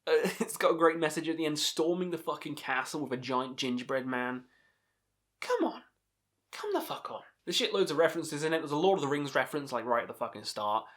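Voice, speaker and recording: A man's voice: fairly high pitch, quick pace, few pauses, a bit bright. A man hosting a video channel, giving a casual, enthusiastic film review full of swearing and laughter. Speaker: video host ranking films.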